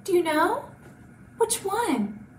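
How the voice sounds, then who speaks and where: Animated, high-voiced children's librarian. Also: female voice, slow. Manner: animated, gasping, exaggerated for small children. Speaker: children's librarian hosting storytime. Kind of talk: children's storytime activity. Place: library room. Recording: roomy and distant, faint hiss.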